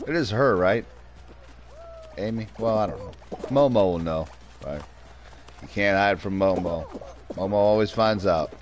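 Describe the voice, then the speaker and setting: A man's voice: deep voice, unhurried, pauses often, faint music behind. A man streaming a game, chatting casually with viewers and his pet. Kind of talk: casual livestream chat.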